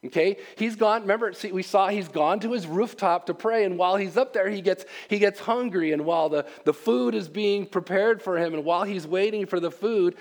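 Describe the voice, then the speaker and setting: A man preaching a conversational sermon, repeating phrases and shifting between quick and slow delivery. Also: high-pitched. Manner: conversational, repeats himself, speeds up and slows down. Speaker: pastor.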